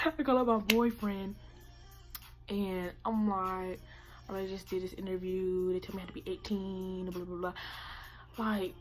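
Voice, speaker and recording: A teenage girl tells a storytime vlog straight to camera. She swears freely and acts out both sides of each exchange, her voice sitting mid-range for a young woman. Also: medium pitch. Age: late teens. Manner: profane, animated storytelling with quoted asides. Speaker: vlogger. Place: indoor room by natural light.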